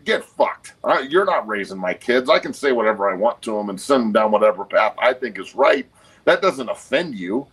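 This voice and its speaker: A man's voice: lowish voice, animated, fairly quick, fairly bright tone, slightly rough, rough recording. A man in his forties, a guest on a podcast, talking bluntly and emphatically with a lot of swearing. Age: 40s. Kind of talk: casual podcast conversation.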